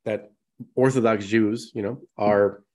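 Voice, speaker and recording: A man's voice: fairly low pitch, fairly even intonation, unhurried, darkish tone. A man co-hosting a podcast in casual conversation, talking in a rambling way with many restarts and "you know"s. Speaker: podcast co-host.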